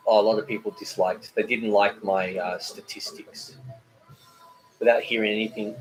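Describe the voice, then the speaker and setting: A man's voice: fairly low pitch, steady tone, normal speed, poor audio. Chatty man hosting a live stream. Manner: rambling and chatty, with many fillers and joking asides. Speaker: cooking channel host. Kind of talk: casual live-stream chat, reading viewer comments.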